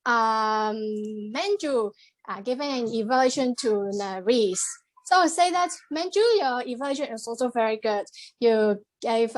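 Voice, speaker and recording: Her voice slightly high, a woman gives a club meeting's general evaluation over video call. She sounds measured and encouraging and uses many fillers.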